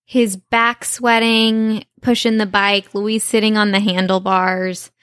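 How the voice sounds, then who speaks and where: Woman podcast host, mid pitch, chatty and eager, dry close sound. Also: flat delivery, slow, fairly bright tone, clear, resonant tone, no echo. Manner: enthusiastic, chatty, many fillers. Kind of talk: casual chat.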